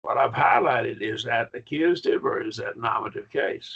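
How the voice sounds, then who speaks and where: Gravelly-voiced man teaching a Bible class. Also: medium pitch, lively intonation, normal speed, a bit bright. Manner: enthusiastic, explaining step by step. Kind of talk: college-level Greek Bible class. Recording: muffled lo-fi class recording.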